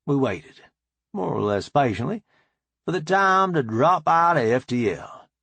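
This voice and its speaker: A man's voice: a little high, big pitch swings, measured pace, creaky, a bit bright, breathy edge, dry recording. A man narrating a first-person audiobook in an easygoing, matter-of-fact way, close to the mic.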